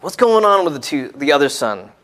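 A man preaching a sermon in an expressive way, dropping to hushed tones and then rising to emphatic points. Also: on the high side, brisk.

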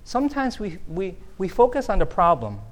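A man's voice: high-pitched, huge pitch swings, moderate pace. A middle-aged man, preaching a conversational sermon that keeps checking in with the audience. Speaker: pastor.

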